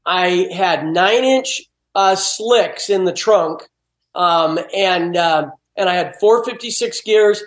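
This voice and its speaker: High-voiced man telling stories in an echoey room. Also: takes it slowly. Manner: animated storyteller, laughs easily. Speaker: guest. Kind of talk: casual chat. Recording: roomy echo.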